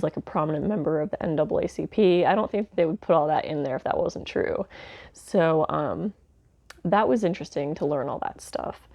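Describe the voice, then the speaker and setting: Gravelly, low-voiced woman reviewing films. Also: dark tone, no room sound, lo-fi sound. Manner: chatty, many fillers like "um" and "like"; candid, mildly sardonic asides. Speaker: home video reviewer. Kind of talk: casual spoken film review.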